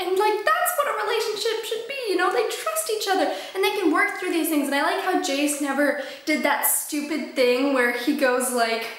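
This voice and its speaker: A young woman giving a gushing, excitable book review in casual talk. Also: high-pitched. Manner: gushing, excitable, lots of fillers. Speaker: book vlogger. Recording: very echoey room.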